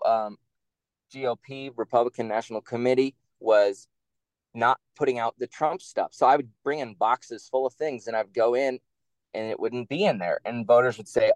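A man speaks in a dry, close recording, telling stories from his old campaign job with blunt, profane energy. His pitch sits in the middle for a man, and he gets animated and louder when he is worked up. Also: moderate pace, dry recording. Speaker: guest, attorney and former campaign staffer. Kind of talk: casual interview storytelling.

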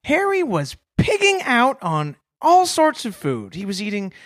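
A man from Toronto tells ridiculous stories as if they were news, his voice rising and falling with lively expression. The sound is dry and close, with no room echo. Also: extremely high pitch, a little slow. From Toronto, Canada. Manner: mock-serious, tells absurd stories straight. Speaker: comedy podcast co-host. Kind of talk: deadpan comedic storytelling.

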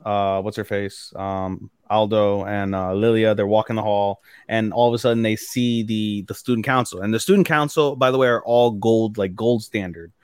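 A man's voice: lowish voice, clear, resonant tone, no echo, clean studio sound. A man co-hosting an anime podcast, recapping episodes in casual, rambling, profane chat. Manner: rambling, profane, acts out characters' lines mid-recap. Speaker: podcast co-host.

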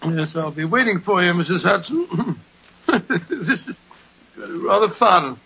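An actor playing a bumbling, kindly old doctor in Santa dress, blustering and stammering in 1940s radio acting. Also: male voice, sits high, lively intonation, slow, sharp tone, slightly rough, full character voice. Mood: cheerful. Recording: dull lo-fi 1940s radio recording.

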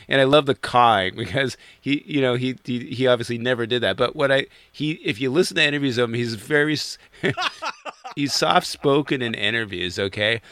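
A man co-hosting a podcast in casual chat, animated and laughing a lot. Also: mid-range voice, clear, resonant tone, no room sound. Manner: laughing often, animated, stammering restarts. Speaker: podcast co-host.

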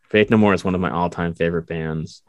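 Deep-voiced male interviewer, dry sound. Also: fairly even intonation, fast, dry recording, dull audio. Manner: rambling, filler-heavy speech. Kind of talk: casual interview.

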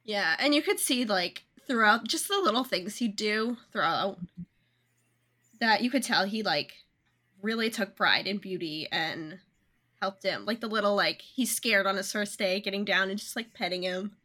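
A woman's voice: mid-range voice, normal speed. A young woman co-hosting a podcast, chatting casually and acting out characters' lines. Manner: animated, acts out characters' lines. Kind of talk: casual chat.

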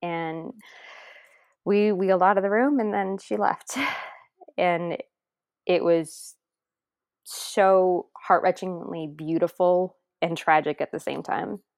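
A woman's voice: fairly low pitch, takes it slowly, darkish tone, no echo, clean studio sound. A woman guest telling a personal story in an earnest, tender way, sometimes dropping to a near whisper. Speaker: adoptive mother guest.

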